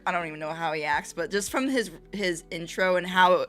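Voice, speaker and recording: A woman's voice: on the low side, fairly quick, soft background music. A woman livestreamer chatting casually while reacting to videos, laughing often. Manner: giggly, laughs often, animated.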